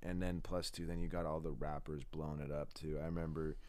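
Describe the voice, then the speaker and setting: Low voiced dude hosting a podcast, chill and slangy, swears a bit. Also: male voice, little pitch movement, brisk, darkish tone, clean tone. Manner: laid-back, swearing, slangy. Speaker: podcast host. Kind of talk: casual chat.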